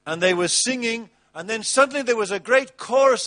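High-voiced preacher, lively delivery. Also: male voice, fairly quick. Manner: animated, mocking with put-on voices, wide swings in loudness. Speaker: pastor. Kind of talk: sermon.

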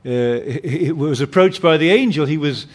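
A man's voice: fairly high pitch, normal speed. A man preaching a sermon, emphatic, often repeating and restarting his phrases.

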